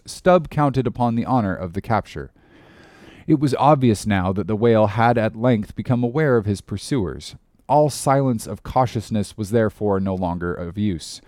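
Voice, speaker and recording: A man narrating a classic novel in a measured, expressive reading. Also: lowish voice, no echo, studio quality. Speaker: audiobook narrator. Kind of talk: scripted narration.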